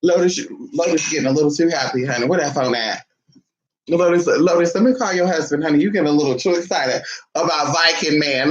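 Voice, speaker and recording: This woman vlogger talks to camera at a quick pace, sassy and chatty, calling everyone honey as her voice swings between high and low. The recording is muffled, with slight background noise.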